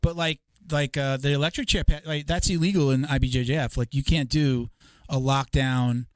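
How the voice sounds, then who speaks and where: A man's voice: medium pitch, moderate pace, no echo. A man in his fifties hosting a podcast, chatting casually and rambling with many restarts while acting out what others said. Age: 50s. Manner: animated storyteller, acts out quotes of others. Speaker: podcast host. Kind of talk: casual chat.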